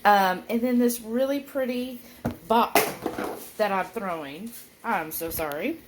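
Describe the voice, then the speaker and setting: A woman's voice: on the high side, slow pace, very noisy. A woman, chatting casually to her viewers in a food vlog at home. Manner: chatty, folksy, warmly addresses viewers as y'all. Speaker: keto food vlogger.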